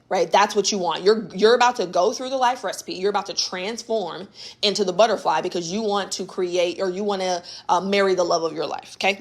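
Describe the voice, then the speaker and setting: Emphatic woman coaching on a livestream. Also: lowish voice. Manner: emphatic and conversational, repeats points, addresses listeners as baby and y'all. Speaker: spiritual coach hosting a live session. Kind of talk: casual motivational teaching on a livestream. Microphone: phone or webcam on a live stream.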